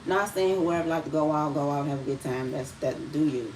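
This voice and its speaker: Low-voiced Detroit woman chatting on a livestream. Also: fairly quick, a little mellow, far from the mic, slight background noise, poor audio. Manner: rambling, conversational, with many restarts. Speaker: livestream host. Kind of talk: casual livestream talk.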